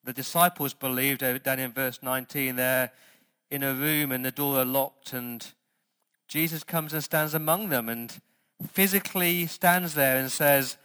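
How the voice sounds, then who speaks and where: A man pastor preaching a sermon, stressing words loudly and then dropping to quiet asides. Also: mid-range voice, fairly even intonation, measured pace, smooth. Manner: emphatic preaching, swings between loud stresses and quiet asides.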